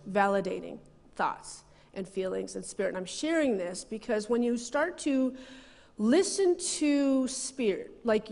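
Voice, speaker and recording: A woman minister giving a sermon, telling personal stories with frequent laughter and conversational asides. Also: on the high side. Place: church sanctuary. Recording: long reverb of a church hall.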